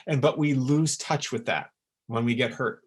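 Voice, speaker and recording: A man teaching in a webinar, in an earnest and emphatic way, with sudden lively jumps in pitch. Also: normal speed, breathy edge. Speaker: essence maker teaching a webinar. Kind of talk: webinar talk. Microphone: webinar recording.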